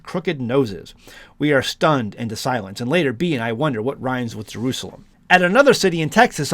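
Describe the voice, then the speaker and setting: A man's voice: a little high, fairly bright tone, no room sound. A man from the United States who hosts a homesteading channel, reading an article aloud and breaking in with sarcastic asides.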